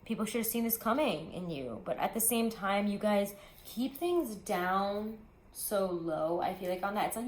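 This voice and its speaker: A woman's voice: mid-range voice, expressive, normal speed, reverberant. A woman giving a casual tarot reading, talking in a rambling, chatty way with lots of asides. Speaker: tarot reader.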